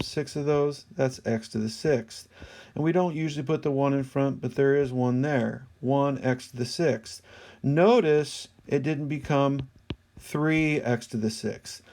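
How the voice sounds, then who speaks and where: A man's voice: mid-range voice, warm tone. A man teaching a math lesson in a screen-recorded voice-over, patiently explaining each step.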